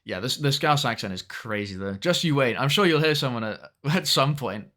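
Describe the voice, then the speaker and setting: Bright-voiced young streamer. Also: male voice, mid-range voice, expressive, moderate pace. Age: young adult. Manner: chatty, swears at the game. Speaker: streamer reading chat. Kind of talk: casual game-stream chat.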